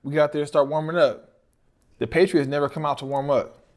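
A man's voice: fairly high pitch, fairly even intonation, fairly quick, darkish tone. A man who used to play football, co-hosting a podcast and telling a story in a laid-back, conversational way. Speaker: podcast co-host, former football player. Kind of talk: casual storytelling.

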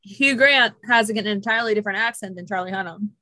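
A woman co-hosting a podcast in casual chat, talkative and quick to laugh. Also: medium pitch, bright, forceful tone, no room sound. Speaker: podcast co-host.

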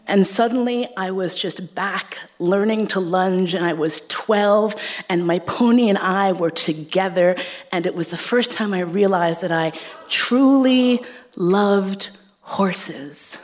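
A woman's voice: medium pitch, slow. Frank, profane woman telling a live story. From New York City, US. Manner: frank, profane and playful, laughing through the story.

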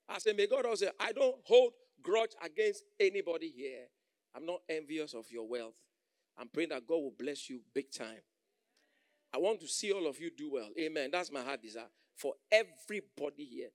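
A man preaching with a high, gravelly voice, pushing his congregation to answer back. He drops to quiet asides, then rises to loud calls, and sometimes acts out other people's voices. The sound is close and dry. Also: dry recording. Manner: call-and-response, acts out quoted voices, swings loud and soft. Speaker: pastor. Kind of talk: sermon.

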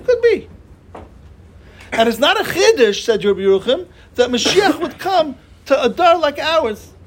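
A man's voice: very high voice, expressive, moderate pace. A man giving a Torah class, talking animatedly and asking his listeners rhetorical questions. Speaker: Torah teacher.

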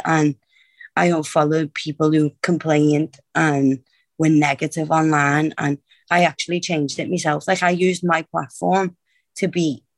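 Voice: mid-range voice, dry recording. A professional wrestler in their twenties, a guest chatting openly and with a self-mocking streak in a casual interview. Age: 20s. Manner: open, chatty, self-deprecating.

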